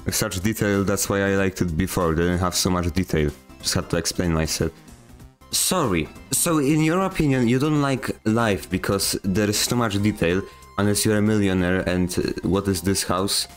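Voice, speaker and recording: A man hosting his channel, reading viewer comments aloud and mocking them with deadpan, slangy sarcasm. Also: deep voice, moderate pace, soft background music. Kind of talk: comedic comment-reading vlog.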